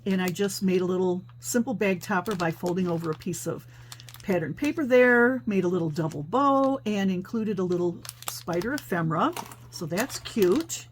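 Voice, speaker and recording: A woman's voice: lowish voice, moderate pace, slight background noise. Chatty woman showing off her crafts. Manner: chatty, thinks aloud with many fillers. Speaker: paper crafting host. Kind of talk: casual craft show-and-tell.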